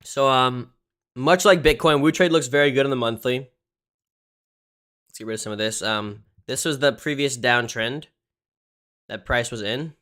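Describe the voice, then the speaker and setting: A man's voice: mid-range voice, normal speed, pauses often, fairly bright tone. Young guy streaming crypto charts, super casual, lots of dude and um, swears a bit, normal middle voice. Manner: casual, swears often, says "dude" and "um" a lot. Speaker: crypto livestream host. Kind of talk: casual livestream chart analysis.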